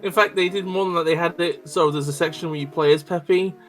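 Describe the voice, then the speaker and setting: Male stream co-host, rambling comic riffs, light swearing, slightly higher voice. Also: fairly even intonation, quick pace, fairly bright tone, faint music behind. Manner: joking, profane, rambling riffs. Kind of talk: casual chat while gaming.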